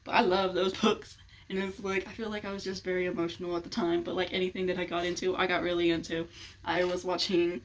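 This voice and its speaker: A woman's voice: on the low side, level tone, fast talker, a little hiss or hum, low-quality recording. A young woman in casual chat to the camera, giggling often as she rambles and gushes. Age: young adult. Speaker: vlogger.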